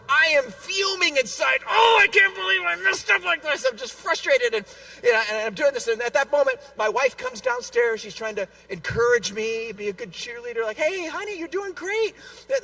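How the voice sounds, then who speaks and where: Animated man telling a story in a hall. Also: high voice, far from the mic. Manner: animated, self-deprecating, stammers on repeats. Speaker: convention speaker. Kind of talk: storytelling talk to a live audience. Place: large convention hall.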